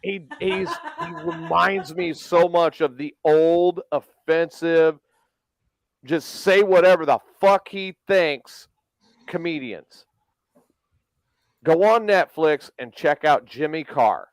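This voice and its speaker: A man's voice: on the high side, slow pace, no room sound. A man co-hosting a podcast in loose, profane casual chat, laughing often. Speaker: podcast co-host.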